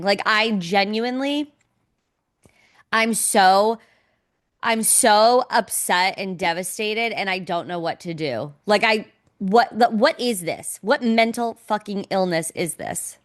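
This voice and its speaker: A young woman co-hosting a casual podcast speaks slowly in a mid-range voice. Her chat is emotional and dramatic, and she swears freely.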